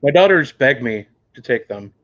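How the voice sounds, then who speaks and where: Man, host, casual chat, easygoing, mid-pitched, dull lo-fi recording. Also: lively intonation, normal speed, fairly bright tone. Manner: easygoing, backchannels often. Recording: dull lo-fi audio.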